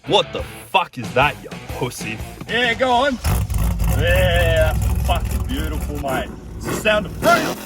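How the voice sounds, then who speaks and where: A man plays a loud Australian car-obsessed bogan who swears freely and brags about his ride. His pitch swings widely, and music plays behind him. It is comedy sketch acting throughout. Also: big pitch swings, a little slow. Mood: brash boasting. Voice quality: brash, swearing, boastful. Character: loud crude male bogan car fanatic.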